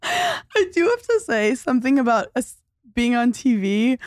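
Woman, comedian guest, higher pitch, animated storytelling, dry close sound. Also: a little slow, dry recording. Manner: animated storytelling, acting out quotes. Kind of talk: casual podcast chat.

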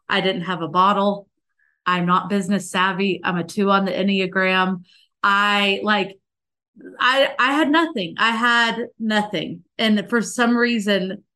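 A woman's voice: mid-range voice, fairly bright tone. Earnest woman telling a faith story. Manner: earnest and emotional, many likes and restarts. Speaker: podcast guest. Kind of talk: personal faith story in an interview.

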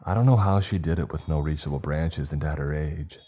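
A man reading a first-person horror story in a measured, low-key way. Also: warm tone, husky, faint music behind.

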